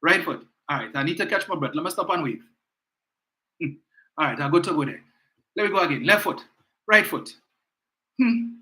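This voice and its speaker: A man mocking a frail old woman, high and breathless. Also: lively intonation, moderate pace, long pauses, pushed and bright. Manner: breathless, fussy, step-by-step mocking. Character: frail older woman politician needing help walking.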